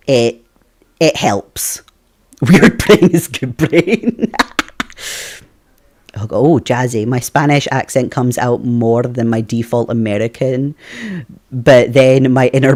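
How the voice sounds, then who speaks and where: A Scottish man from Scotland, streaming a game and chatting casually with his viewers, rambling on and laughing often. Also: medium pitch. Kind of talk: casual live-stream chat.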